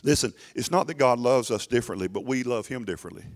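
A man's voice: mid-range voice, fast. A middle-aged man preaching a sermon in a church, emphatic and urging, often restarting his words. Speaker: pastor.

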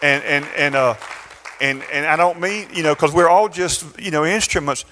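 A man's voice: on the high side, normal speed, pushed and bright, a faint crowd. A male pastor, telling a story in his sermon in a conversational way, with chuckles and restarts. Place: church sanctuary.

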